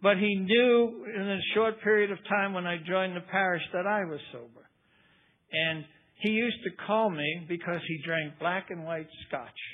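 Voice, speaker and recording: A man's voice: sits high, a little hiss or hum. An older man giving a personal recovery testimony, telling his story in a folksy way and acting out the people he quotes. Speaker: recovery speaker. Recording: tinny phone-like recording.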